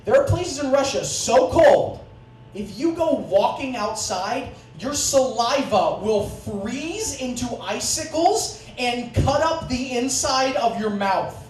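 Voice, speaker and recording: A man's voice: very high-pitched, slow pace, faint music behind. A young man doing a profane, sarcastic stand-up comedy set on a club stage. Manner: profane, sarcastic, deadpan asides. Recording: distant, echoey club recording with audience noise.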